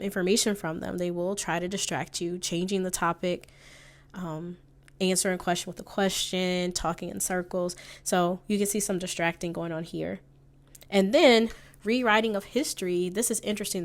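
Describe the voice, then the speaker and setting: A woman's voice: lowish voice, vocal fry. A woman therapist giving conversational commentary on audio clips, quoting lines of dialogue and citing timestamps.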